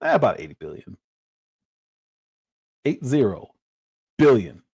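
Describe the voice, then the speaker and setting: A man hosts a livestream and reacts to a debate clip with exasperated, mocking commentary. His voice sits at an ordinary mid pitch. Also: sing-song, a little slow, a little mellow, breathy edge. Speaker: livestream host.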